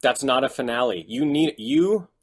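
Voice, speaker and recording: A man co-hosting a casual podcast, retelling scenes in an animated, exaggerated way. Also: medium pitch, moderate pace, gravelly, breathy edge. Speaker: podcast co-host. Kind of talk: casual chat.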